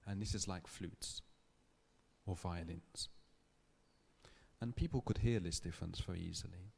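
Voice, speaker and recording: A man giving a public lecture, telling a story in a thoughtful, measured way with small restarts. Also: low voice, vocal fry, darkish tone, breathy edge. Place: lecture hall.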